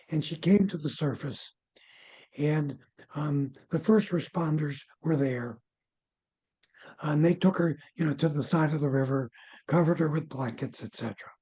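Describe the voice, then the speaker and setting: Older man telling stories, dark muffled sound. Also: husky. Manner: animated storyteller, drops to soft low asides. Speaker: near-death researcher and former physician. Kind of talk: interview guest storytelling.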